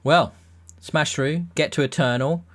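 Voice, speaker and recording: A man's voice: on the high side, a little slow, a bit bright. A young man hosting a casual podcast chat, jokey and rambling, often restarting his sentences. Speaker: podcast host.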